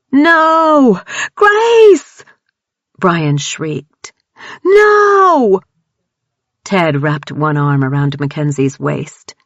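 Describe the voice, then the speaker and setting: A woman narrating a horror audiobook in a measured, dramatic reading. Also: sits low, no echo, lo-fi sound.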